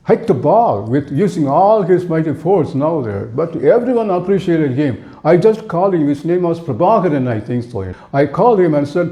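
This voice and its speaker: A man's voice: on the high side, mellow. A man with an Indian accent teaching spoken English to viewers, rambling earnestly with many "you know" fillers. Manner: earnest, addresses viewers directly.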